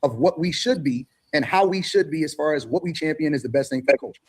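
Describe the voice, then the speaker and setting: A man's voice: on the high side, fast, breathy edge. A man answering on a discussion panel, defiant and blunt, swearing freely. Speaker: panel guest.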